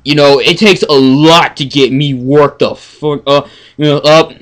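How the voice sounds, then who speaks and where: A man's voice: a little high, fairly even intonation, unhurried. Exasperated, foul-mouthed man ranting. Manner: profane, exasperated, stammering; swings from mumbling to yelling. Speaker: anime reviewer. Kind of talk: casual ranting review.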